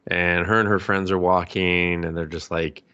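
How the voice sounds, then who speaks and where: A man co-hosting a podcast, recapping anime in casual chat, animated and swearing freely as he acts out scenes. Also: low voice, moderate pace, clear, resonant tone, no room sound, dull audio. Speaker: podcast co-host.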